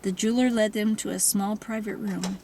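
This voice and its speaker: Woman narrating a novel calmly. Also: mid-range voice, moderate pace, slight background noise, low-quality recording. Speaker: audiobook narrator.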